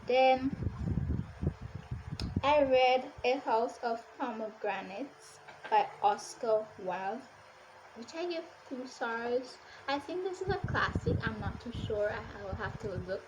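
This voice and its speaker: A woman's voice: fairly high pitch, dull audio, background noise. A woman chatting casually through a book wrap-up, with exasperated rhetorical questions and a lot of "like.". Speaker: book reviewer.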